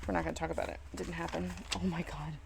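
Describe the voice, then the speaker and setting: A woman's voice: lowish voice, little pitch movement, racing, vocal fry, heavy background noise. A woman chatting casually on a live stream while crafting in her home studio, exasperated and self-mocking, swearing freely.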